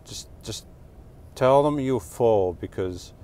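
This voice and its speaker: On his casual live stream, a middle-aged man from Portugal with a New Jersey and New York accent rambles, jokes, and self-corrects while going through comments. His medium-pitched voice is expressive and dark, and he takes it slowly.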